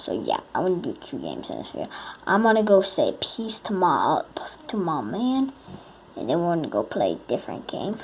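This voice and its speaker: A woman's voice: lowish voice, huge pitch swings, brisk, darkish tone, slight background noise. A woman giving casual, playful gameplay commentary to her viewers, goofing around and humming little sound effects. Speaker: gaming video creator.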